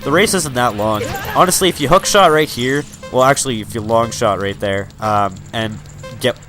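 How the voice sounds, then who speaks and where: A man's voice: mid-range voice, normal speed, a bit bright. Young guy doing let's play commentary, lots of ums and likes, faint game music under it. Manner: rambling, joking, many fillers. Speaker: let's player. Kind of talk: casual gameplay commentary.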